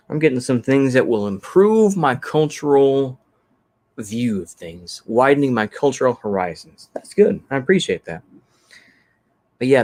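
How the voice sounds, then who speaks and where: With a medium-pitched, somewhat mellow voice, a man from Texas hosts his channel's livestream, casually rambling and thinking aloud. He responds to comments with plenty of fillers.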